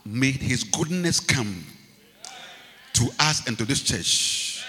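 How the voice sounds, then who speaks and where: A man with a Ghanaian English accent, a bishop preaching a sermon, who drops to low murmurs, then rises to shouts and repeats his lines. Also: animated, takes it slowly, pauses often, in a large hall. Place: large church hall.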